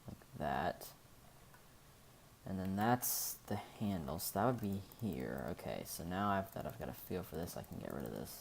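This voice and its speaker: A man's voice: low-pitched, expressive, normal speed, gravelly, a little hiss or hum. A man narrating a casual game-building tutorial, thinking aloud as he goes and often stopping to correct himself.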